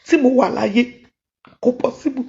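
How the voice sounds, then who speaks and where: A woman's voice: fairly high pitch, moderate pace, mellow. A Nigerian comedian, a woman, giving a tearful, pleading video statement, switching between Yoruba and English. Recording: dull lo-fi audio.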